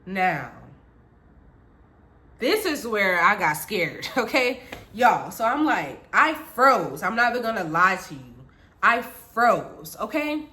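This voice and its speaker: A woman vlogger telling her childhood story in casual chat, animated, laughing often and calling her viewers y'all. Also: mid-range voice, takes it slowly, slight background noise.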